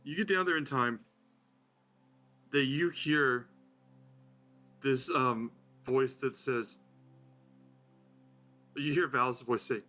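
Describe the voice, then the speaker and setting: A man narrating as game master of a live-streamed tabletop game, relaxed and chatty. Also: medium pitch, slow pace, pauses often, faint music behind.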